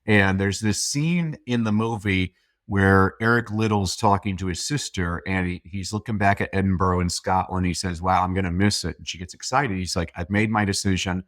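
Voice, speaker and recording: A man's voice: sits low, fairly bright tone, no echo, studio quality. A man in a casual conversation, telling stories with enthusiasm and praising his host. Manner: enthusiastic storyteller, quick to praise. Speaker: podcast guest, speaker and coach.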